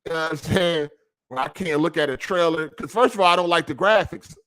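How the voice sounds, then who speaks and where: A man's voice: on the high side, fairly quick, a bit bright. A man hosting a gaming podcast stream, talking casually with heavy swearing and slang, venting his frustration. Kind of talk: casual profane rant. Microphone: streaming setup over a weak connection.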